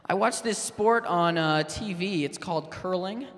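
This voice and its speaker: A man doing a stand-up set, halting and deadpan, with fillers and restarts. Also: high-pitched. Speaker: stand-up comedian. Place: public access TV studio stage. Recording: long hall reverb.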